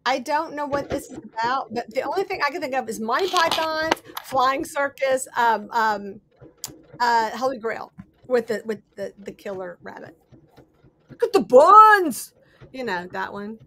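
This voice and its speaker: A high-voiced, middle-aged woman chatting casually on a crafting livestream. She rambles cheerfully, laughs often, and jumps from one find to the next as she shows her collection. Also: normal speed, background noise. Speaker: host.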